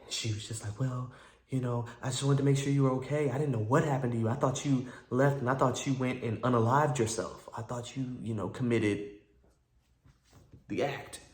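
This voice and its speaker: A man tells a personal story straight to his viewers, casual and animated, acting out both sides of old conversations. His voice sits at an ordinary middle pitch. The room around him rings with a noticeable echo. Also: normal speed. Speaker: vlogger telling a personal story.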